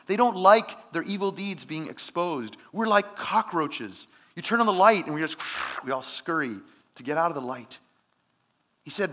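A man's voice: high-pitched, sharp tone. A man preaching a sermon in an earnest, conversational way, with emphatic rises. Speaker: pastor.

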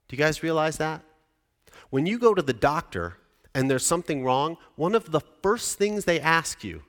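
A man's voice: mid-range voice, a bit bright. Pastor guy in his 40s preaching, keeps asking the crowd questions, medium voice, big hall reverb. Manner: conversational, asks the congregation questions. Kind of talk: sermon.

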